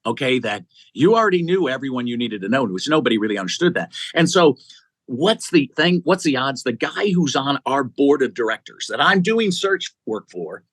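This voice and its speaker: Energetic storytelling man in his sixties. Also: medium pitch, normal speed, dry recording. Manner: enthusiastic, tumbling sentences with many restarts. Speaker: interview guest, executive recruiter. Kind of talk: conversational storytelling.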